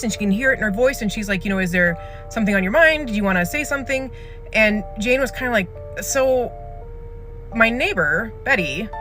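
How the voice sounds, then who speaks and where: A person with a Midwestern American accent telling a creepy story in a relaxed, casual way, full of fillers and quoted dialogue. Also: medium pitch.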